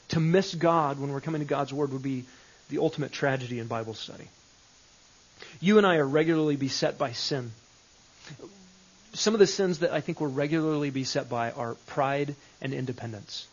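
A man's voice: fairly high pitch, normal speed, breathy edge. A man leading a live Bible study session, talking conversationally and repeating phrases with shifting emphasis. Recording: dull lo-fi recording.

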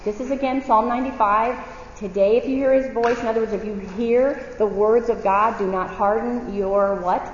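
A woman's voice: a little high, fairly even intonation, moderate pace, a little hiss or hum. A woman teaching the Bible to a group of women, often asking the audience questions and waiting for their answers. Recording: echoey hall, dull lo-fi sound.

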